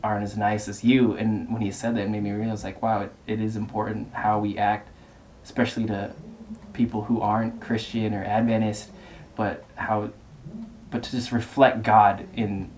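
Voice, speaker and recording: A man's voice: fairly low pitch, flat delivery, normal speed, a little mellow, a little hiss or hum, rough recording. A young man earnestly sharing his faith testimony. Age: young adult. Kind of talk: testimony interview.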